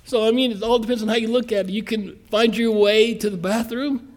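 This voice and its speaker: Pastor, man, high voice, folksy earnest sermon, slows for emphasis. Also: darkish tone. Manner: folksy, earnest preaching with quick asides and slow emphatic stresses.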